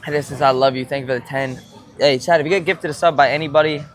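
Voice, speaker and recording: A man's voice: fairly high pitch, fairly even intonation, fast talker, faint music behind. A young man streaming live from a pub, laid-back and thanking viewers as he chats. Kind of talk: casual live-stream chat. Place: Irish pub.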